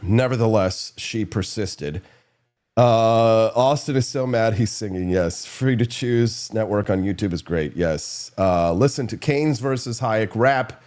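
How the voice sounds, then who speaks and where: A man's voice: fairly low pitch, unhurried, hardly any pauses. A man hosting a political talk show, telling stories in a loose, rambling way and acting out quotes from old colleagues. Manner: rambling, animated storytelling with impressions. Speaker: show host. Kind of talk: casual political commentary.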